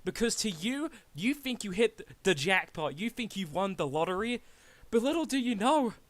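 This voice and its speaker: A man with a notably high, bright voice delivers a trash-talking wrestling promo from a press conference. He is heated and taunting, with a tone that keeps rising toward shouts. The sound is dry and close on a home microphone. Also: no echo.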